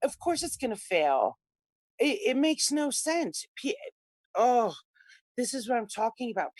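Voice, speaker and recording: A woman, co-hosting a casual political talk show, opinionated and animated. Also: medium pitch, no echo.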